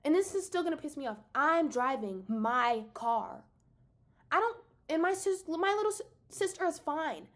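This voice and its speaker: A young woman in her late teens or early twenties with a high voice, unloading her frustrations on camera. Her pitch leaps and dives all over as she vents, emphatic and exasperated, and she speaks straight to her audience like she's catching up with friends. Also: very animated, moderate pace, a bit bright. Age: young adult. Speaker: vlogger. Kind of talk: casual venting to the camera.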